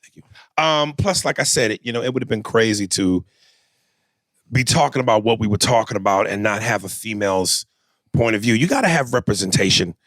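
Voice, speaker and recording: A man co-hosting a podcast in casual, relaxed chat, reading listener emails. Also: fairly low pitch, fairly quick, no room sound. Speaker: podcast co-host.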